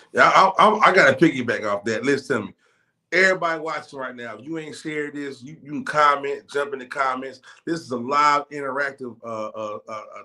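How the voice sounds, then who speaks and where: A man hosting a live talk show, talking in a high-energy, slangy, hype-man way. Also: pushed and bright. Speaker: talk show host and stadium announcer. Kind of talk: hyped casual live talk.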